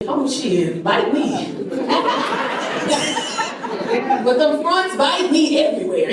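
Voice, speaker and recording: A woman in her forties doing a stand-up set, brash and profane as she tells stories. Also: sits high. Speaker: stand-up comedian. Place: comedy club stage. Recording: echoey room, distant mic, audience. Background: audience laughter.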